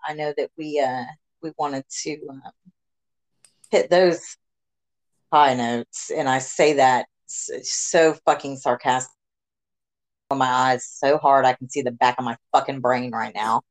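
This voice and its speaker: A woman's voice: very deep voice, normal speed, poor audio. A woman hosting a podcast, talking bluntly and swearing heavily in casual political chat. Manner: blunt, heavy swearing, animated rants. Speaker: podcast host.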